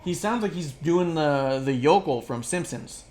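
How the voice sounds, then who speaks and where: A podcast co-host in casual chat, rambling and swearing freely, with plenty of fillers and quick mocking asides. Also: mid-range voice, lively intonation, darkish tone. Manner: rambling, profane, filler-heavy; drops into quick mocking impressions.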